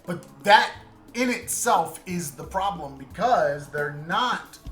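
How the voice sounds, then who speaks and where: Bright-voiced guy chatting on a podcast, earnest, keeps restarting, echoey room w faint music. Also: high-pitched, expressive, slow pace. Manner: earnest, searching for words with restarts. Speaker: podcast co-host. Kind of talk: casual chat.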